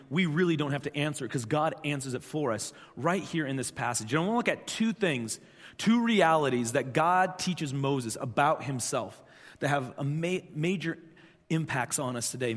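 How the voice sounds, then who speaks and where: Pastor guy in his 30s, chatty emphatic sermon, bit high voice, big church echo. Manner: conversational, repetitive, emphatic preaching. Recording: long church hall reverb.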